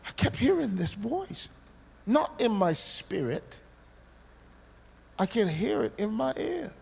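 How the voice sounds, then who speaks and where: Gravelly, dramatic male preacher. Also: high-pitched, takes it slowly, long pauses. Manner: dramatic, animated storytelling. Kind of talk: sermon storytelling.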